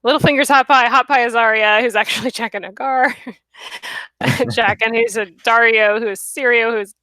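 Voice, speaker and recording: Bright-voiced woman hosting a chatty live show. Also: fairly high pitch, fairly even intonation, normal speed, no room sound. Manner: chatty, giggly, many fillers. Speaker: host. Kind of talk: casual live-stream chat.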